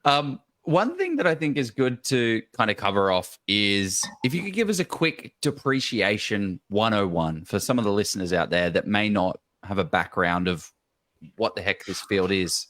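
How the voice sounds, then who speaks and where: A man co-hosts a podcast in a low voice that swings animatedly in pitch. He reacts casually and sets up questions for the guest. The recording is dry and close. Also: big pitch swings, normal speed, fairly bright tone, no echo. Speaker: podcast co-host.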